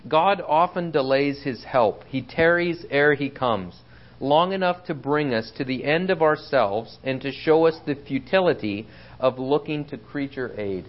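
A man's voice: on the high side, lively intonation, normal speed. Earnest male Bible teacher, lo-fi recording. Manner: earnest, asks the room for agreement with frequent "right?". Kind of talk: expository sermon.

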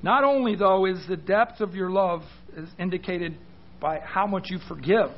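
A man's voice: sits high, normal speed, muffled recording, a little hiss or hum. A man preaching a sermon, emphatic, putting questions to his listeners and often restarting his words. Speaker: pastor.

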